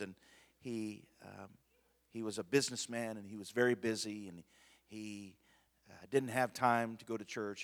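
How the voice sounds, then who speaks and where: A man preaching a sermon as pastor, swinging from hushed to loud and repeating phrases for emphasis. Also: mid-range voice. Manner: repeats words and restarts phrases. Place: church sanctuary. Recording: long reverb of a church hall.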